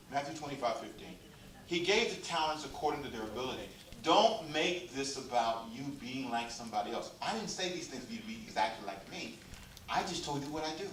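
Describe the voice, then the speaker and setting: A pastor preaching a humorous, exhorting sermon in a church sanctuary and drawing the congregation into call and response. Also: male voice, medium pitch, a bit bright, a little hiss or hum. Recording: echoey church hall, mic far off.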